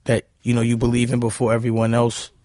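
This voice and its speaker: Warm in tone but monotone, a fast-talking man with a medium-pitched voice is heard without echo. He's a Harlem, New York guest in a casual interview, recounting stories heatedly and bluntly while repeating "you know what I'm saying."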